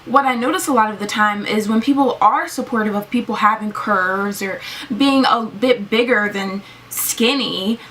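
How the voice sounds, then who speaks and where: A woman's voice: mid-range voice, normal speed, fairly bright tone. A young woman vlogger ranting casually to camera, filling her talk with "like". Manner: ranting, heavy use of "like". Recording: slightly distant mic.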